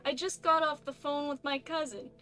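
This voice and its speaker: Lady doing a folksy neighbor dude in a game, sort-of boston accent, kinda loud and chummy, voice pitched up a bit. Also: fairly even intonation, moderate pace, soft background music. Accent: vague put-on Boston-like accent. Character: friendly, folksy male neighbor. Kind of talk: game voice acting.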